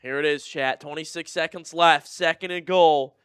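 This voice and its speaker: Bright, crisp-voiced excitable fan streamer. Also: male voice, moderate pace, dry recording, studio quality, faint music behind. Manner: excitable, swinging between shouted calls and low disgusted muttering. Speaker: fan watch-party streamer. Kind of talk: live play-by-play fan commentary.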